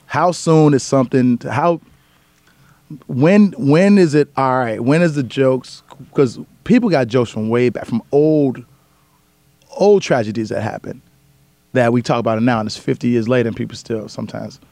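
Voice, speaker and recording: A man's voice: mid-range voice, dry recording. A man, a comedian, talking casually in an interview, telling stories and acting out other people's voices. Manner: fast, animated storyteller acting out voices. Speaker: comedian guest.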